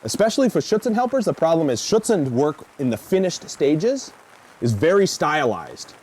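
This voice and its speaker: A man teaching a dog training seminar, lecturing in an animated way and acting out reactions. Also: a little high, moderate pace, breathy edge. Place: seminar venue.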